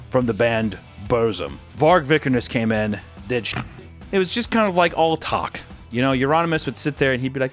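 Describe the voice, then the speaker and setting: A man's voice: medium pitch, fairly bright tone. A man hosting, telling a story casually in a sarcastic, joking way and swearing freely. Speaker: host.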